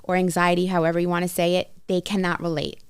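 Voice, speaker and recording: A woman's voice: lowish voice, level tone, fast, clear, resonant tone. A woman in her forties, a podcast guest, speaking openly and earnestly about personal things. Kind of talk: candid casual conversation.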